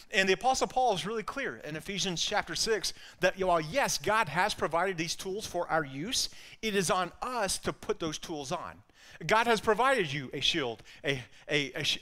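A man's voice: fairly high pitch, pushed and bright. A man with an Alabama accent preaching a sermon in an earnest way, often repeating words as he builds a point. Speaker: pastor.

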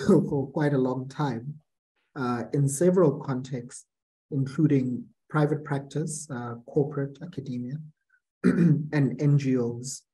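A man chairs a webinar over a video call, introducing the next speaker. His voice is mellow and mid-pitched. He speaks in a measured way, with frequent fillers. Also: rough recording. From South Africa.

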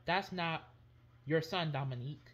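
Woman doing Mario: breathy, low, lively cheerful plumber, kids' toy video. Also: measured pace. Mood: insistent. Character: cheerful male plumber, football fan.

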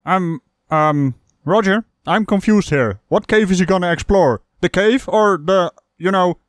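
A man hosts a comedic reaction show, taking apart what he watches with mocking, sarcastic commentary. His voice sits high. The sound is dry and close, with no room around it. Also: animated, normal speed, no room sound. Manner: sarcastic, mocking, laughing asides. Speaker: host reacting to a video.

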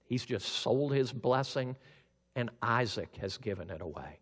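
Slow-speaking pastor in a reverberant hall. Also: male voice, mid-range voice, slightly rough. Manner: animated, acts out characters. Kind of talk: sermon storytelling.

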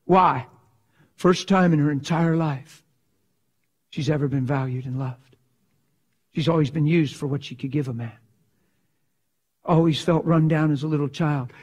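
Husky guy preaching, fired up then dropping to near whispers, highish voice. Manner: emphatic, dramatic, swings from loud to hushed. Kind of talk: sermon.

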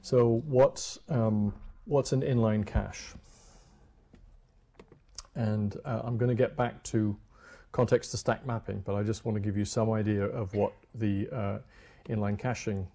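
A man giving a technical lecture in a lecture room, halting with many ums and restarts. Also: fairly low pitch, fairly even intonation, creaky, warm tone. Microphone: lapel or stage microphone.

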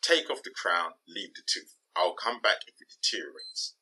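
Man, middle-aged, blunt ranting podcast host, husky, sharp bright tone. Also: low-pitched, expressive, moderate pace, low-quality recording. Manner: blunt, ranting, swears for emphasis. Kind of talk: casual monologue.

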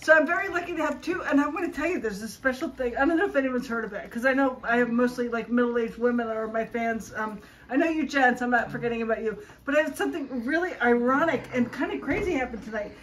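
A woman's voice: fairly high pitch, fast talker, a bit bright, distant mic, slight background noise. A woman hosting a home vlog on her phone, chatting and bantering with family and laughing often. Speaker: vlogger host. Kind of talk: casual chat. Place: home, indoors, after a family dinner. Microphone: phone camera.

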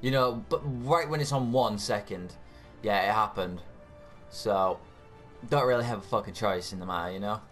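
A man's voice: lowish voice, moderate pace. Male gaming YouTuber, ranting and cursing through a match, faint music underneath. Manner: angry, swearing, exasperated. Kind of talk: ranting gameplay commentary.

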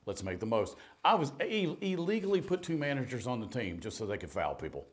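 Brief: middle-aged man, pastor, lively storytelling sermon, pitch leaps around, drops to near-whispers. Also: fast. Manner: animated, jumps between loud and hushed, laughs at own stories.

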